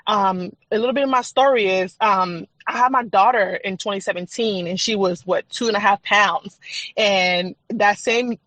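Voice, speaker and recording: A woman's voice: mid-range voice, normal speed, a bit bright, no echo, poor audio. A woman guest on a podcast, a faith and trauma coach, telling her personal story in an earnest, candid, chatty way. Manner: earnest, candid, chatty with frequent fillers and laughs.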